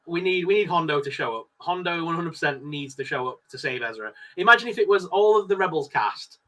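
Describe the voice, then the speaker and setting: Excitable bright-voiced man. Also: a little high, fairly quick. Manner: excitable, laughs often, acts out lines. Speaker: co-host. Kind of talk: casual live-stream chat. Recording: live stream.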